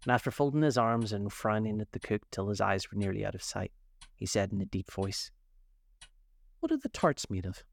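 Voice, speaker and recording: A man narrating a children's classic aloud in a measured, expressive read-aloud style. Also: on the low side, gravelly. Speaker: storyteller. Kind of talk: scripted narration.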